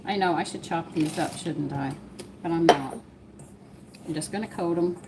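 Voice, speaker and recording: A woman's voice: low voice, moderate pace, very noisy. A woman with a Southern US accent hosting a casual home cooking live stream, wandering off into personal stories as she cooks. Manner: rambling, drifts into personal stories while cooking. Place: home kitchen. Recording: kitchen clatter of dishes and cutlery.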